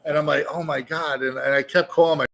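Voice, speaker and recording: A man's voice: on the high side, fairly even intonation, fast, creaky, a bit bright. A man telling a long, profane story in casual conversation as a guest at a meadery bar.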